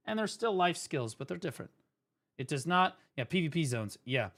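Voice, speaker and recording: Male streamer, high bright voice, profane animated storyteller, casual chat. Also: moderate pace. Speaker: streamer, former teacher.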